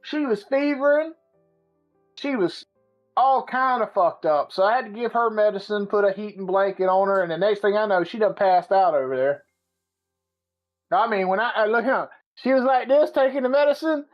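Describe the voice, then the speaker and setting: A man hosting a podcast, telling a story in a casual, profane and animated way. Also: high-pitched, normal speed. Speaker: podcast host. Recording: slightly muffled with faint music.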